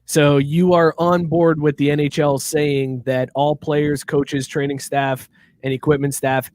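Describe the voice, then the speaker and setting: A young man with a slightly high voice, co-hosting a loose, jokey podcast chat. He laughs easily and ribs his friends while asking about hockey news. The delivery is casual and conversational. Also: a little mellow. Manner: joking, laughs often. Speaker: podcast co-host.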